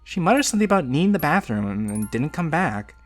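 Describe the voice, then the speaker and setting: Man doing a puzzled schoolgirl friend, soft and hesitant, lively intonation. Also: fairly high pitch, fast, soft background music.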